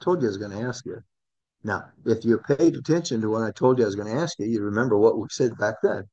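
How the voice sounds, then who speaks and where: A man teaching a Bible class in a conversational way, asking his listeners questions and rising in pitch to stress key words. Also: quick pace, a little mellow, dull audio.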